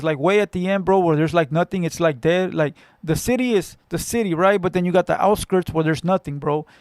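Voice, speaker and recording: A man's voice: sits high, vocal fry, darkish tone, dry recording. A man from Southern California hosting a casual livestream, telling stories bluntly with lots of profanity and street slang. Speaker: livestream host. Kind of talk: casual livestream chat with viewers.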